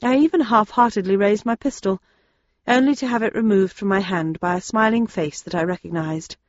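A woman narrating a first-person audiobook in a steady, understated way. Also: mid-range voice, a little fast, dry recording, muffled recording.

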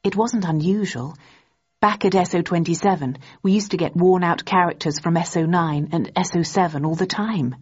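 Husky woman reading an audiobook. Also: on the low side, normal speed, a little mellow. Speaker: audiobook narrator. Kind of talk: first-person scripted narration. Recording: dull, muffled recording.

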